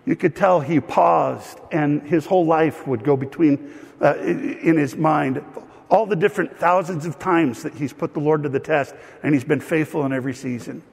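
A man preaching a sermon as pastor, telling stories with lively asides to the congregation. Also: on the high side, moderate pace, vocal fry, breathy edge. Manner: animated storytelling with asides. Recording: long hall reverb.

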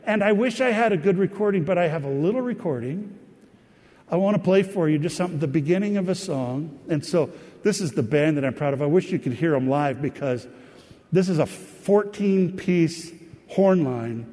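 A man telling a rambling personal story to an audience, pausing often. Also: a little high, expressive. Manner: warm, rambling anecdotal storytelling with pauses. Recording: long hall reverb.

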